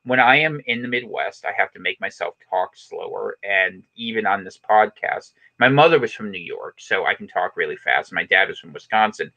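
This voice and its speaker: Brief: bright, fast-talking male podcast host who rambles and restarts. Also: lowish voice, animated, muffled recording. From western United States. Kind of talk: casual chat.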